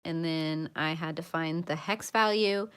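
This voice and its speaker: A woman's voice: sits low, unhurried, smooth. A young adult woman hosting a casual coloring livestream, chatting in a rambling, self-mocking way with lots of repeats. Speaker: livestream host.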